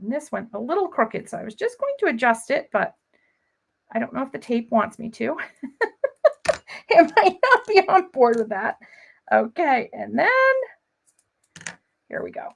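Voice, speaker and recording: Woman, high voice, very lively pitch, bubbly and giggly, live craft demo host, close mic. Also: normal speed, vocal fry, long pauses. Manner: bubbly, giggly, talks to viewers by name. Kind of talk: chatty live craft demonstration.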